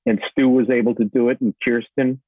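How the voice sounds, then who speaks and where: A man's voice: medium pitch, little pitch movement, fairly quick, dry recording. A man, an actor guest, chatting casually in an interview, rambling with many fillers and restarts. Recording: tinny phone-like line, dry.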